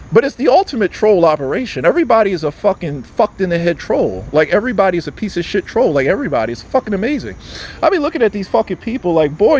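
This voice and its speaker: A man's voice: on the high side, a little hiss or hum. A man vlogging outdoors in an agitated, profane, rambling way. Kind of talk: casual rambling monologue.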